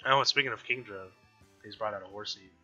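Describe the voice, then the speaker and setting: Nasal man, sharp bright tone, casual let's-play chatter over faint game music, lo-fi sound. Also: on the low side, brisk. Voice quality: nasal from allergies. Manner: chatty, thinking aloud, frustrated outbursts. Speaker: gaming YouTuber.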